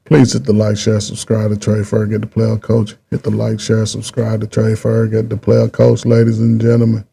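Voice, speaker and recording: Middle-aged male host, husky and mellow, loose rambling commentary delivery. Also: fairly low pitch, completely flat delivery. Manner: rambling, repeats himself, drawn-out pauses. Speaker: channel host. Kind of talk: casual political commentary.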